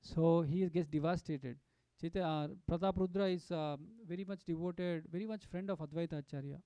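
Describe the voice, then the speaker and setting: A man giving a devotional storytelling talk at a satsang, animated and full of fillers and restarts. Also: fairly high pitch, fairly quick, clean tone, no room sound. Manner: animated, acts out quotes, many fillers and restarts. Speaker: satsang speaker.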